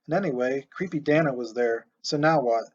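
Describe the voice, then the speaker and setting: A man narrating an audiobook in a steady, expressive storytelling voice. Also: medium pitch, a little fast, a little hiss or hum. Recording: muffled lo-fi recording.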